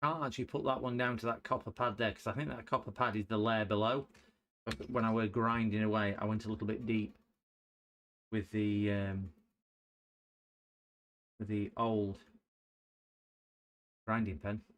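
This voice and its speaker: A man's voice: lowish voice, little pitch movement, normal speed, pauses often, fairly bright tone, a little hiss or hum. A middle-aged man streaming a repair, chatting jokily and rambling as he works. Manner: jokey, rambling, sings and hums to himself. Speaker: livestreamer repairing electronics. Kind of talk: casual chat while working.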